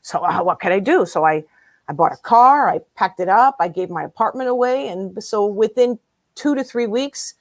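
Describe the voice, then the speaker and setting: Woman in her fifties, guest storyteller, mid-pitched voice, acts out the dialogue, dry close sound. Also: moderate pace, no echo. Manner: animated storyteller who acts out quoted dialogue. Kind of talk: casual storytelling in an interview.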